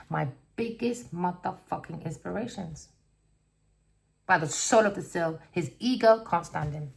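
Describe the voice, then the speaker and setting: A woman's voice: lowish voice, gravelly, darkish tone. A woman giving a casual tarot reading, blunt and rambling, swearing constantly as she tells stories. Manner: storytelling, rambling. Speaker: tarot reader.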